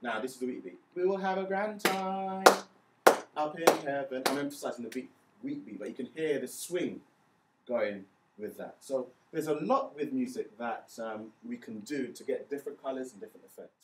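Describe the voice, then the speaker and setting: Brisk and a little mellow, this medium-pitched man teaches music patiently in steps and counts the beats out loud. The room is echoey, he's somewhat far from the mic, and there's faint ambience plus slight hiss or hum.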